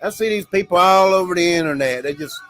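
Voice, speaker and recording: A man's voice: high-pitched, fast, a bit bright, no echo, faint music behind. A man hosting a casual livestream, talking to viewers in a drawl, laughing often. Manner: drawling, laughs often, keeps saying "y'all". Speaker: livestream host.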